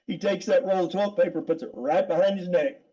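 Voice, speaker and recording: A man's voice: high-pitched, fast talker, warm tone, highs cut off. A middle-aged man, a guest, telling a story casually, rambling with repeated words and frequent laughs.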